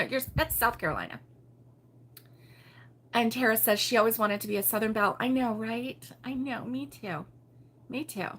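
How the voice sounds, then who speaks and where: Chatty, giggly woman with a husky voice. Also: mid-range voice, fairly bright tone. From Baltimore, USA. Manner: chatty and giggly, with frequent fillers and laughs. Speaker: host of a crochet livestream. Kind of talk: casual morning chat reading viewer comments.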